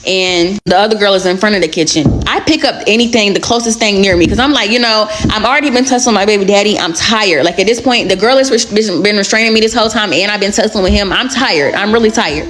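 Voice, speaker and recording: Young woman, storytime vlog, candid and slangy, average pitch, plain delivery. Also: quick pace, hardly any pauses, a bit bright, slight background noise. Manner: candid, slangy, blunt retelling.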